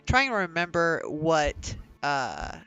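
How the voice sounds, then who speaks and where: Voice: medium pitch, huge pitch swings, slow, gravelly, bright, forceful tone, clear, resonant tone, no room sound, highs cut off, faint music behind. A player in a tabletop game, talking casually with blunt, emphatic swearing.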